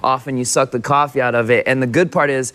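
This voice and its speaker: A man's voice: mid-range voice, smooth. A man guesting on a talk show, telling stories casually with many fillers and small laughs. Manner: relaxed storytelling, halting fillers, self-amused.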